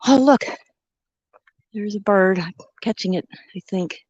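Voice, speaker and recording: A woman's voice: medium pitch, moderate pace, pauses often, darkish tone, no room sound, poor audio. Woman chatting to her handheld cam while hiking uphill outside, dry close sound. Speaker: vlogger. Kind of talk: casual walking vlog narration. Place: outdoors on a mountain trail. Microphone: handheld camera.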